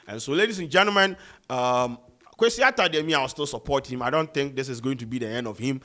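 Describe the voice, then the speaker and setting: A young man with a Ghanaian accent giving casual commentary to camera, animated and slipping into pidgin and slang. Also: medium pitch, brisk. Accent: Ghanaian, Pidgin-inflected. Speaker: vlogger.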